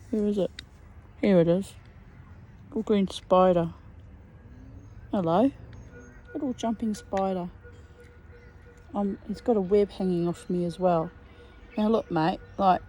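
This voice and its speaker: A woman's voice: on the low side, mellow, slight background noise, low-quality recording. Blunt, chatty woman in her fifties. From New Zealand. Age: 50s. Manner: blunt, chatty storyteller with swearing. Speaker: vlogger. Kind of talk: casual rambling monologue. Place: garden outdoors.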